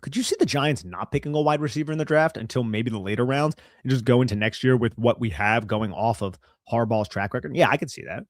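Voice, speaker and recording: A man with a mid-pitched voice chats casually about sports, relaxed and full of fillers as he reads out viewer comments. The recording is dry and close. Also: fast, few pauses, dry recording. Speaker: podcast co-host.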